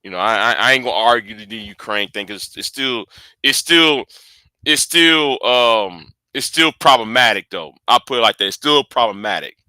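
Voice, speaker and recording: Male commentator, halting delivery, very bright tense tone. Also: medium pitch, lively intonation, no room sound. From United States. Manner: halting, many repeats and restarts. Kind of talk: casual political commentary.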